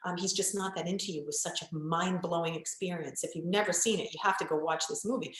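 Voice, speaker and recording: A woman's voice: on the low side, fairly even intonation, quick pace. A woman coach speaking in a candid podcast conversation, blunt and emphatic, with occasional swearing. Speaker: relationship coach guest. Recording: very echoey room.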